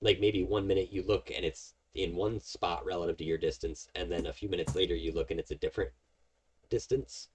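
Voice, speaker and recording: A man's voice: low-pitched, steady tone, brisk, breathy edge. A man narrating as game master of a tabletop game, explaining at length with many fillers. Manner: rambling, filler-heavy explaining.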